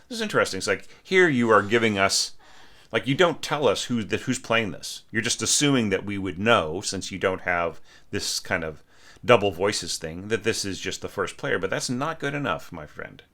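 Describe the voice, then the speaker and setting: A man's voice: on the low side, sing-song, moderate pace, bright, forceful tone. A man teaching orchestration, talking through a student's score and singing the phrases aloud on "da" syllables, often checking in with "right?". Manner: frequent rhetorical "right?" checks. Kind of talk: spoken critique of a score.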